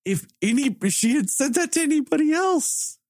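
Animated storytelling man, dry sound. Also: extremely high pitch, moderate pace, dry recording. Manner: animated, swearing, quotes people in raised voice. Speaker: podcast co-host. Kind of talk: casual storytelling chat.

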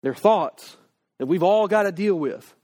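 A man preaching a conversational sermon, acting out quoted prayers in a slow, drawn-out voice. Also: high-pitched, expressive, dark tone. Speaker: pastor.

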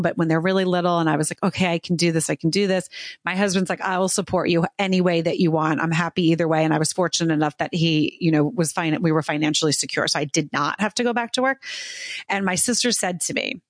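A woman's voice: lowish voice, dry recording, studio quality. A middle-aged woman hosting a casual chat, telling rambling personal stories and acting out quoted dialogue. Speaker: host.

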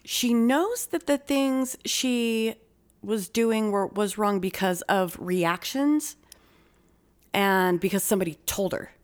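Woman, podcast host, true-crime chat, swears casually, quick bursts, mid pitch.

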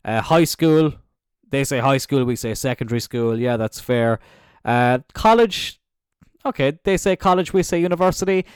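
A chatty man from Cork with a Cork Irish accent and lively pitch hosts casual solo podcast chat at a moderate pace. His tone is clear and resonant, recorded at studio quality with no room sound, indoors on a squeaky chair. He rambles, swears freely, and trails off mid-thought.

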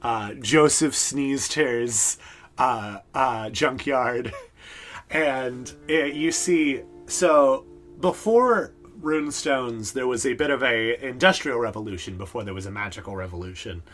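A man's voice: mid-range voice, takes it slowly, a bit bright, soft background music. A man narrating a tabletop game as game master, in a loose, rambling way full of fillers.

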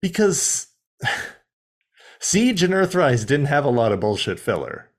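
A man co-hosting a casual review podcast, his pitch swinging widely as he talks slowly and deliberately. He laughs often and keeps breaking into goofy impressions of characters. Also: very animated. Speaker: podcast co-host.

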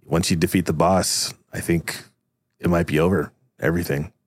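Deep-voiced man narrating a game. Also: steady tone, normal speed, no echo, studio quality. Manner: casual, filler-heavy storytelling. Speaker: host and game master.

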